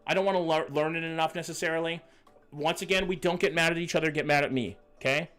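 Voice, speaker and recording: A man's voice: on the high side, quick pace, a bit bright, smooth, faint music behind. A young man streaming a guessing game, chatty and thinking aloud as he talks to his chat, swearing casually. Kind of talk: live-stream commentary with chat.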